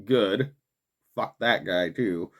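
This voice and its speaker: A man's voice: on the low side, slow, fairly bright tone. Young male show host; heated, profane ranting, casual "dude" fillers. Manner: profane, heated, swearing constantly; frequent fillers like "man" and "dude". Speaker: host of a political commentary show. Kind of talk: angry ranting commentary.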